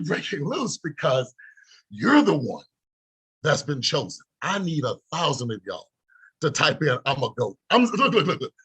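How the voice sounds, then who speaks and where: A middle-aged man giving a preachy, repetitive motivational pep talk as a trading mentor, laughing and breaking into shouts. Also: sits high, breathy edge.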